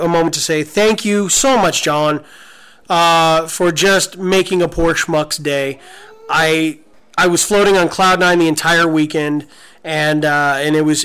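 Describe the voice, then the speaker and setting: A man in his forties co-hosting a podcast, telling a story in an excited, gushing way with many restarts. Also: a little high, smooth, rough recording. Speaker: podcast co-host. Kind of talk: casual storytelling chat.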